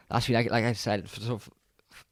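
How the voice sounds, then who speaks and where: Low-voiced male co-host, excited rambling chat, close and dry. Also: no echo. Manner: rambling, enthusiastic, frequent restarts and stammers. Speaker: podcast co-host. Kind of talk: casual chat about films.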